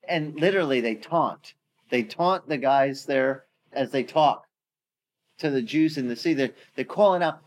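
A man preaching a sermon in a lively, slangy, conversational way. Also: medium pitch, normal speed.

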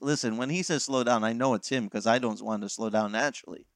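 Male pastor, mid pitch, chatty animated sermon, dry close mic. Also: fast talker, dry recording. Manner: animated, folksy, acts out quoted voices, frequent restarts. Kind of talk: conversational sermon.

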